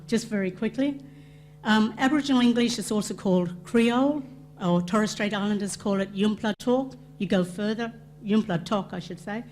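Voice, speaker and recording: A woman presenting a cultural awareness session, explaining terms and concepts to an audience with quick asides. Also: medium pitch, darkish tone, a little hiss or hum.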